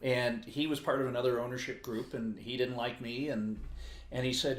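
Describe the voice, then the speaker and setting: A man's voice: mid-range voice, steady tone, normal speed. Joking male podcast co-host, roomy sound. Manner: storytelling, joking. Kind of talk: casual chat.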